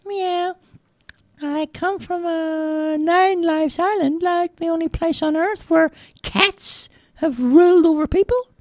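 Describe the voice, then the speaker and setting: Sly little girl kitten for a storybook, very high and mewing, dry close sound. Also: slow pace, a little mellow, dry recording. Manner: very high squeaky voice with meows.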